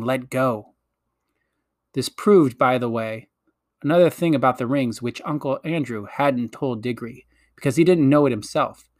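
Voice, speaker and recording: A man narrating a children's fantasy story in a gentle, measured storytelling manner. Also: mid-range voice, no room sound, clean studio sound. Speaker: audiobook reader.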